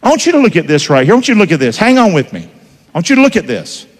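A male pastor with a drawl, preaching in an animated, rising-and-falling voice that sits a little high for a man. He talks to the congregation conversationally and keeps firing questions at them. The sound carries a long church-hall reverb. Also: rapid-fire. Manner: lively, conversational preaching with call-and-response questions. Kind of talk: sermon.

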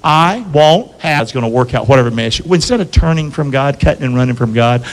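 A man's voice: mid-range voice, expressive, a little fast. A pastor preaching a sermon to his church, calling out questions for the congregation to answer back and asking them to repeat lines. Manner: call-and-response preaching, asks congregation to repeat. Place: church sanctuary. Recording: long hall reverb.

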